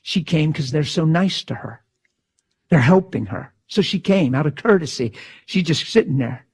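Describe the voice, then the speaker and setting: A middle-aged man preaching a sermon, telling a story with dramatic swings from hushed tones to loud outbursts. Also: on the high side, expressive, normal speed, breathy edge.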